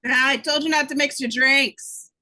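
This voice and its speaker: A woman with a husky voice reading a heavy-lidded male sidekick who nags flatly, in an amateur script read. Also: a little high, slow pace, heavily acted. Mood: nagging.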